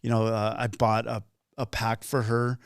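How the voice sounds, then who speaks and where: A podcast host rambles through a casual chat, restarting often and leaning on fillers. His fairly low, monotone voice has a clear, resonant tone at normal speed, captured in a dry, clean studio recording.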